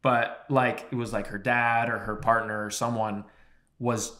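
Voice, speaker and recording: A man co-hosting a podcast, telling a long story in a rambling, animated way with lots of swearing and filler words. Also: mid-range voice, measured pace. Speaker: podcast co-host. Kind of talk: casual storytelling chat.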